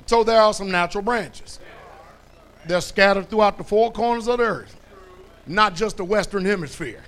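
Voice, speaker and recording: A man preaching a sermon as pastor, blunt and folksy, who quizzes his congregation with "what?" and builds to loud, emphatic stretches. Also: high voice.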